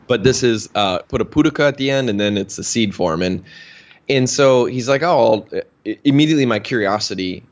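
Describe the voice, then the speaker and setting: In a chatty interview, a male health practitioner relates a lengthy personal anecdote, using many fillers. He sounds animated and talks fairly quickly in a mid-range voice, though the audio is dull.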